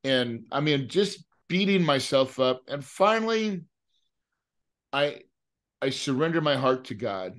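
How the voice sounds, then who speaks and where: A man's voice: mid-range voice, very animated, unhurried, fairly bright tone. Middle-aged man telling an emotional story. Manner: casual, repeats words, often asks "right?". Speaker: guest, real estate investor.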